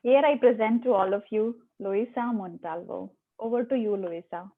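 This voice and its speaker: A woman host reads a prepared speaker introduction over a video call. She reads in a measured, formal way. The audio is narrow and phone-like. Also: medium pitch.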